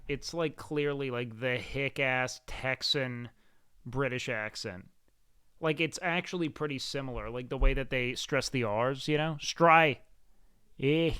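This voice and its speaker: Brief: male streamer, mid pitch, smooth and resonant voice, dry close mic, casual rambling chat. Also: no echo. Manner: laid-back, rambling, swears often, says "man".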